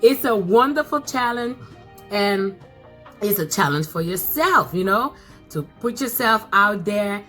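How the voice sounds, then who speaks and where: Excitable woman with a bright voice. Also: mid-range voice, unhurried, faint music behind. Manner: excitable, repeats phrases, bursts of laughter. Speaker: mukbang vlogger. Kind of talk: casual chat to camera.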